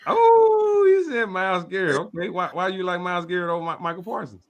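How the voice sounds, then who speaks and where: Man, host, casual interview, easygoing slang, slightly high voice. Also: little pitch movement, very fast, pushed and bright. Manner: laid-back, giving advice in slang.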